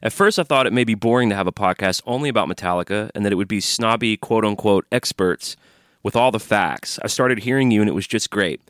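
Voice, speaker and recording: Upbeat low-voiced male podcast co-host. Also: fast, a bit bright, no room sound, clean studio sound. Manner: upbeat, plugs the show, crude humor. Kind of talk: casual chat. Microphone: studio microphone.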